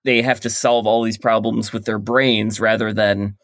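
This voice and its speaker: A man's voice: fairly low pitch, level tone, normal speed, a bit bright, dry recording, clean studio sound. A man being interviewed on a podcast about his work, explaining his ideas at length in casual chat. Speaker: guest comic creator.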